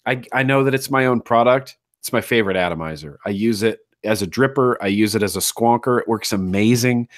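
A man's voice: on the low side, a little fast, few pauses, no echo, studio quality. A man talking as a guest in a casual interview, enthusiastic and repeating phrases for emphasis. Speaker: guest, atomizer designer.

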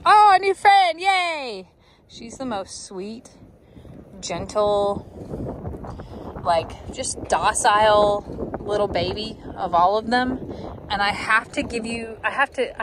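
Chatty woman in a pasture. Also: medium pitch. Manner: chatty, affectionate, musing aloud. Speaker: ranch vlogger. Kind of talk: casual vlog talk to animals and viewers. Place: outdoors in a cattle pasture. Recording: outdoor noise, vehicle hum.

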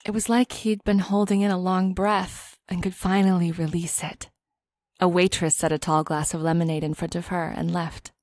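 A woman narrating an audiobook in a calm, steady storytelling voice. Her pitch sits on the low side, and the recording is close and dry with no room sound. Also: normal speed, dry recording. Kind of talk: scripted narration.

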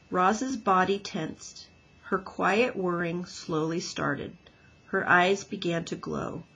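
A woman teacher reading a children's book aloud with gentle, expressive storytelling. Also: fairly low pitch, slow pace, vocal fry, slightly rough, poor audio.

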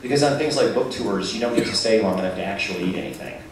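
A man's voice: on the low side, fast talker. A man from the United States taking audience questions at a live event, joking and mocking himself. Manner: joking, wry, self-mocking. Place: large hall with a live audience. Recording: echoey hall, distant mic, loud crowd noise.

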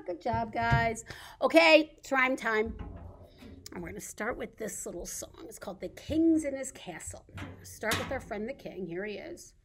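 Woman, children's librarian, sing-song storytime voice, slow delivery, slightly high. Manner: sing-song, animated reading to babies. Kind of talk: baby storytime with songs and rhymes.

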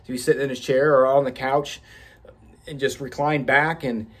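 Husky man telling a candid story. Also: medium pitch, fairly even intonation, normal speed. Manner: candid and profane, with frequent restarts and laughter. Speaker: podcast host.

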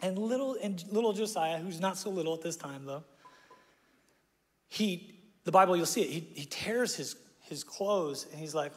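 A man's voice: high voice, normal speed. A male pastor preaching a sermon in a casual, slangy way, acting out the people in his story and laughing often. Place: church auditorium. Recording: live hall with long reverb.

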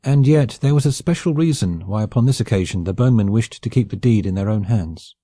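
A man narrating a classic novel as an audiobook in a measured, even storytelling delivery. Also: fairly low pitch, no echo, studio quality.

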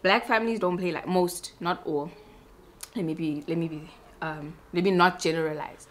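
A woman's voice: lowish voice, fairly even intonation, moderate pace. A young woman, a beauty vlogger chatting casually and self-mockingly while doing her makeup.

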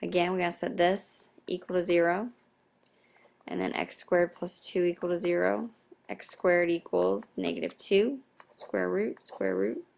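A young woman, a math teacher, explaining a recorded lesson in a quiet, half-whispered voice. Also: fairly low pitch, steady tone, a little slow, creaky.

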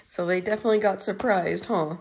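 A young adult woman reading picture books aloud to children, chatting with her young listeners in an animated, warm-hearted way. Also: mid-range voice, brisk, creaky, a little hiss or hum. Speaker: storyteller.

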